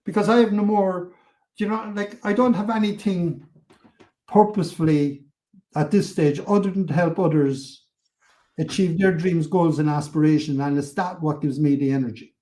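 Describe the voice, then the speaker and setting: Older Irish man, Cork accent, lively raconteur with a slightly raised voice; a guest who acts out every scene. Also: fairly high pitch, normal speed. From Ireland. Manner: animated, acts out quotes, swears freely. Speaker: podcast guest. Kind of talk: storytelling interview.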